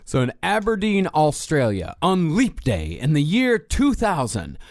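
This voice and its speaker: A man's voice: fairly high pitch, wildly swooping pitch, measured pace, darkish tone, no room sound, clean studio sound. A man co-hosting a podcast who lays out grim facts in a matter-of-fact, casual manner. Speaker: podcast co-host and researcher. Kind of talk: casual storytelling chat.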